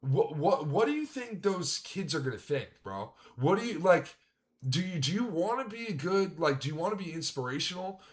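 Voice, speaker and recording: A man's voice: on the high side, big pitch swings, moderate pace. Fired-up man ranting with profanity. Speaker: streamer reacting to a video. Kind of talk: heated reaction commentary.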